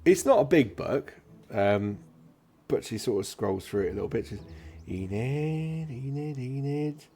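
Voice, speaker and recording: A man narrating a tabletop game as its game master, rambling as he searches for the right word. His pitch swings widely, with a faint hum of ambience behind him. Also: lively intonation, moderate pace, vocal fry, warm tone.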